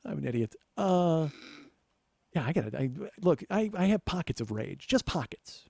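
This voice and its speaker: A man with a fairly high voice tells a comic story in a sardonic, swearing rant. The sound is dry and close, with no room echo. He is a podcast host. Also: sing-song, moderate pace, vocal fry, darkish tone. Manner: profane, sardonic, ranting. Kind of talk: comedic storytelling monologue.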